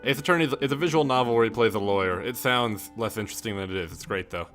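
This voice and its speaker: A man streaming a game, making relaxed, offhand commentary between dialogue. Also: on the low side, fast, soft background music. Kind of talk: casual let's-play commentary.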